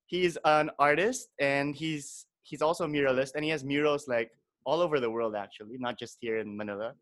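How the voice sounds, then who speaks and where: A man's voice: mid-range voice, brisk, fairly bright tone. A man hosting a podcast in a casual, chatty way, laughing often, recording over a webcam call. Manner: laughing, chatty, loose filler words. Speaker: podcast host.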